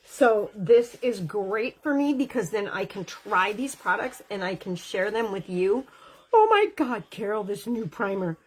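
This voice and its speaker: A woman in her fifties chatting through a makeup tutorial at home, gushing over products with quick asides, on the camera mic. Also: medium pitch, slightly rough. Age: 50s. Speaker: makeup vlogger. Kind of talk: casual makeup tutorial chat. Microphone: camera mic, lapel not worn.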